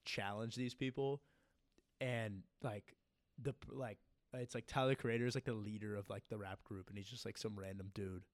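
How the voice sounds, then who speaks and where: Speaking at a moderate pace in a lowish, steady voice, a young man co-hosts a laid-back podcast and meanders through his stories, leaning heavily on "like." The studio recording is clean, with no room sound.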